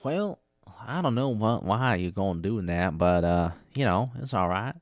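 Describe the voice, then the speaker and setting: A man's voice: fairly low pitch, expressive, normal speed, no echo, studio quality, close to an everyday voice. A man putting on a folksy, drawling American Southern accent. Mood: easygoing.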